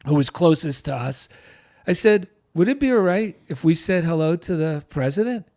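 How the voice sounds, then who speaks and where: A middle-aged man with an East Coast American accent, telling a personal story in conversation with lively feeling. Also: a little high, normal speed. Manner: animated, gets choked up with emotion. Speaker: guest, author and veteran.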